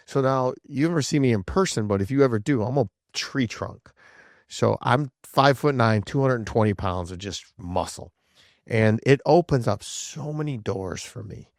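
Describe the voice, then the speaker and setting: A man speaking as a podcast guest in a casual, animated way, stumbling over his words as he gets going. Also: medium pitch, moderate pace, no echo, clean studio sound. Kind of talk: casual conversation.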